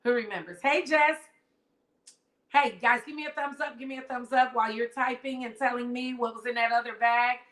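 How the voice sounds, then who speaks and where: A woman runs a live-streamed book lesson, retelling a story animatedly, reading passages aloud and putting questions to her viewers. Her voice is fairly high and a little fast, in an echoey room.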